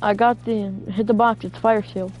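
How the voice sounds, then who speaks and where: A woman's voice: medium pitch, fairly even intonation, moderate pace. A woman gamer in casual chat while playing co-op zombies, bossing her teammate around with profane trash talk. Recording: dull lo-fi audio with faint music.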